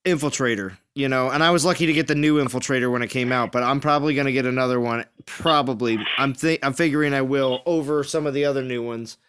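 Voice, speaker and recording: A man's voice: medium pitch, steady tone, fast talker, hardly any pauses, a bit bright, clear, resonant tone. A man hosting a casual gaming livestream, reading chat aloud and laughing often with his friends. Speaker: stream host.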